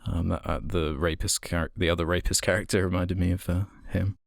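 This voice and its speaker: A man co-hosting a podcast weighs his thoughts on a film slowly, often pausing on fillers. His voice is very deep and the recording is dry and close. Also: fairly even intonation, vocal fry, no room sound. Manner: measured, hesitant, many fillers. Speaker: podcast co-host. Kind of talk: casual film discussion.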